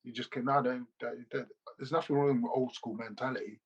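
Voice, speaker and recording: Ex-footballer guest, male, slangy and animated, husky voice on lo-fi video call audio. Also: mid-range voice, brisk. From England. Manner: animated, loose slangy storytelling with repeats. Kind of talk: casual interview storytelling.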